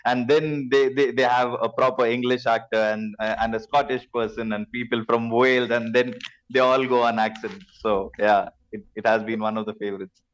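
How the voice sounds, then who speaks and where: A man's voice: medium pitch, steady tone, low-quality recording. A man with an Indian accent, a guest on a podcast, talking in a friendly, eager way. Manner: friendly, eager, quick to laugh. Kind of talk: remote interview.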